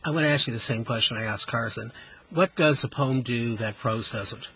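A radio host with a very husky, raspy voice that still comes across bright and forceful. He talks in an emphatic, expressive way, explaining ideas like a playful teacher on air from the studio. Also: medium pitch, normal speed, low-quality recording. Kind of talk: on-air interview with students.

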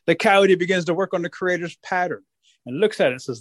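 A man storyteller telling a folktale in a rhythmic, repetitive, animated way. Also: high-pitched, a little fast, no room sound.

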